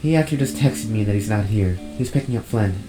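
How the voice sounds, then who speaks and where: A man with a low voice reading the lines of an eager, talkative young male lynx in a visual novel. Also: expressive, quick pace, over music, natural voice. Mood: chatty.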